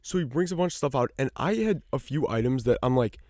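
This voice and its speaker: Man, podcast co-host, casual storytelling, mid-pitched, swears, dry close sound. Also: quick pace, no echo. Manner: animated, acts out the people in his stories, swears freely.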